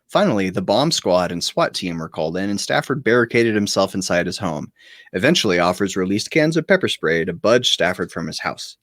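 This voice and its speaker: Deep-voiced man reading with lively swings. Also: dry recording, clean studio sound. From Oklahoma. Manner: wry, joking asides while reading. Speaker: show host and judge. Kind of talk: reading news stories aloud and riffing. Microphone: video call.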